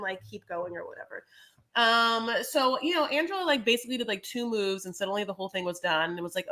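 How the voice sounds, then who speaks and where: Bright-voiced sassy woman podcaster. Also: mid-range voice, fast. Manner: chatty, sassy, calls listeners "honey" and "my loves". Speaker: podcast co-host. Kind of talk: casual reality-TV recap chat.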